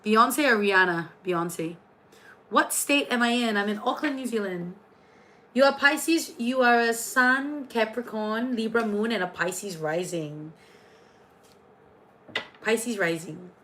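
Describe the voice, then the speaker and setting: A woman's voice: on the high side, slow, bright, forceful tone, poor audio. A woman hosting a casual astrology and tarot livestream, chatty and playful, jumping between viewer comments.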